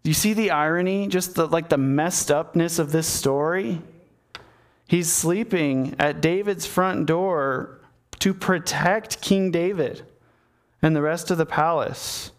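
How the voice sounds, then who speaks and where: Man, preacher, slightly high voice, conversational sermon, storytelling. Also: a little slow. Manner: conversational storytelling, acts out the characters.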